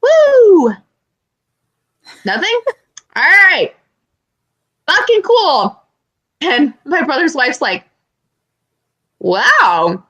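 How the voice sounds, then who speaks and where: A woman's voice: high-pitched, very animated, takes it slowly, pauses often, sharp tone, dull audio. A woman co-hosting a podcast, telling stories animatedly with swearing and mimicked quotes. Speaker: podcast co-host. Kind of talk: casual chat.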